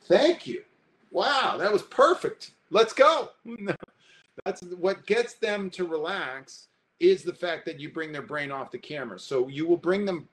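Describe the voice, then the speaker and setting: Upbeat male workshop presenter, animated, fairly high voice, solo at a computer mic. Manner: high-energy, animated, talks straight to the audience. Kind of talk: energetic online workshop talk. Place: indoors, alone in front of a computer. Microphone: webcam or computer mic, alone talking to a screen.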